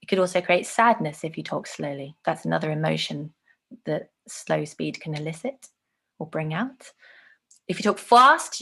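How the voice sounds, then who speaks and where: A woman's voice: on the low side, a bit bright. A woman teaching an online lesson, explaining with many fillers.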